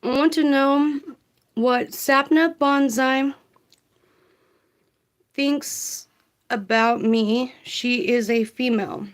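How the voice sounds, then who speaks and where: Slow-talking woman tarot reader. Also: sits high, fairly even intonation. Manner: chatty, reads viewer comments aloud, laughs often. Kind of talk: casual livestream chat.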